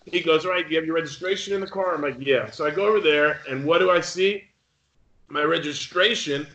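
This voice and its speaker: A man's voice: fairly high pitch, fairly quick, bright, forceful tone, echoey room. A young man co-hosting a podcast, telling a long story casually, swearing a lot and acting out the people in it. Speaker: podcast co-host.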